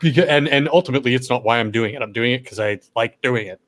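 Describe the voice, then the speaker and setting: A male stream host chatting loosely late at night, his voice stuffed up and worn from talking for hours. He rambles along with small coughs and offhand swearing, at a middling pitch. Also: fast, a bit bright.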